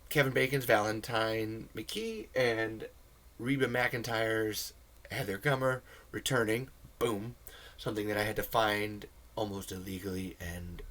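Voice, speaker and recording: A man's voice: on the low side, fairly bright tone. A man hosting a casual film commentary, talking in a rambling, enthusiastic way full of fillers. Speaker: film commentary video host.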